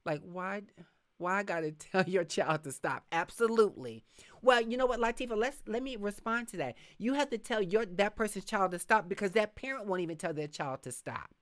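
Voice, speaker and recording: A middle-aged woman hosting a live podcast, talking frankly and reading viewer comments, acting out quick asides as she tells stories. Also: medium pitch. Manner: frank, animated storytelling with voiced asides. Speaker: podcast host.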